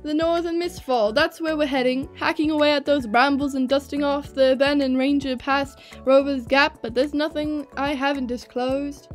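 A woman's voice: high-pitched, fairly quick, hardly any pauses, darkish tone, soft background music, lightly acted. A woman voicing a rugged, boastful ranger leader from the outback in a put-on British-Australian accent, for a game play-through. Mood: rallying.

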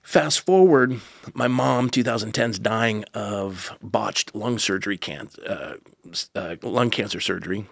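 Man, 60s, pastor guest; low gravelly husky voice, dry close sound, earnest storyteller with quips. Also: measured pace, no room sound. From United States. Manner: earnest, with joking asides. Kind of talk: personal storytelling in conversation.

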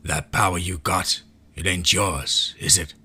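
A man voicing a gruff cowboy gunman who rasps his wry, folksy lines in a drawl. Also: low-pitched, fairly even intonation, unhurried, bright, forceful tone, faint music behind, full character voice. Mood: wry defiance. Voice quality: raspy.

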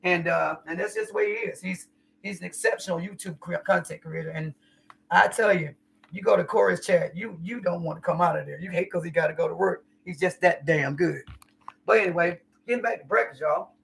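Streaming live from her home kitchen, this woman keeps up a casual, folksy cooking chat, addressing her audience as y'all and honey. She has a lowish, creaky voice, talks a little fast, and sits far from the mic.

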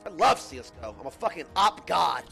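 A brash young man streaming a shooter, boasting and swearing at his teammate. His voice is high and bright, swinging widely as he talks. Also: very animated, fast talker, vocal fry, faint music behind. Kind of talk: casual gaming banter.

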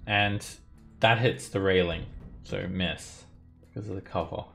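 A man's voice: sits low, steady tone, unhurried, creaky, fairly bright tone, soft background music. A man running an online tabletop game as dungeon master, narrating combat with frequent fillers. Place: home setup, playing online.

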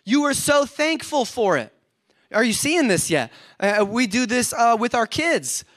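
A lively male pastor with a fairly high voice delivers a joking, energetic sermon. He slips into quick acted-out complaints between his points. The sound is close and dry, with almost no room echo. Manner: energetic, joking, self-described overcaffeinated; acts out everyday complaints in quoted voices. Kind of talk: humorous sermon.

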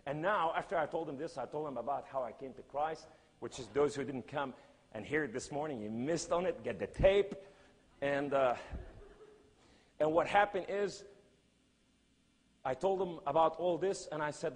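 Brief: man preacher with a raspy, higher voice, dramatic loud-to-hushed delivery, non-native English, long church reverb. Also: moderate pace, long pauses. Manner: emphatic, with big swings between loud cries and hushed lines. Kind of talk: sermon storytelling.

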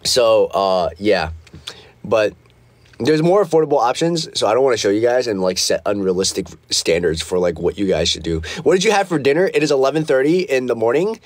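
A man's voice: mid-range voice, lively intonation, fairly quick, no room sound. A man hosting a casual livestream, reading comments aloud and rambling with many fillers, from a small foam-lined practice room. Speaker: livestream host. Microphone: phone livestream.

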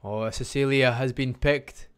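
A Scottish man casting a live online strategy game match, talking fast and chattily and barely stopping for breath. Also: medium pitch, steady tone, clear, resonant tone. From Scotland. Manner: fast, chatty, talks without pausing. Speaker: game caster. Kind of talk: live esports commentary.

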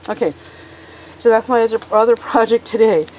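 A woman's voice: a little high, brisk, a little mellow, a little hiss or hum, poor audio. A woman showing her kitchen projects in a chatty home vlog, filming one-handed on her phone and a little out of breath. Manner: chatty, talks while working one-handed. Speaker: cooking vlogger. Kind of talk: casual kitchen demonstration. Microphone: handheld phone.

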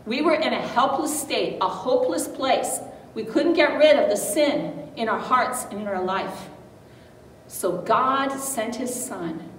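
A woman's voice: fairly high pitch, animated, measured pace. A woman giving an emphatic children's Bible lesson in an echoey hall. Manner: bright, emphatic teaching to children. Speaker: children's church teacher. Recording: echoey hall, distant mic, faint noise.

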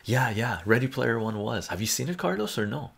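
A man's voice: medium pitch, lively intonation, fairly quick, vocal fry, fairly bright tone, husky. A man hosting a casual livestream about movies, reading viewers' chat aloud and answering them with lots of fillers. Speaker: livestream host.

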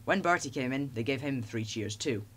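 A man reads a children's storybook aloud with lively expression. His voice sits in an ordinary middle range, neither deep nor high. The telling is steady and clear. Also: normal speed. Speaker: narrator. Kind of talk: storybook narration.

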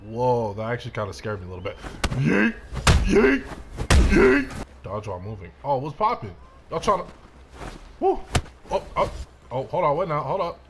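A man's voice: mid-range voice, quick pace, background noise. A young man giving hyped let's-play commentary, trash-talking and whooping as he plays. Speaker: gameplay commentator.

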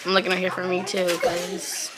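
A woman's voice: fairly low pitch, completely flat delivery, moderate pace, noisy background. A young woman vlogging in a casual, chatty way, talking straight to her viewers as a mother.

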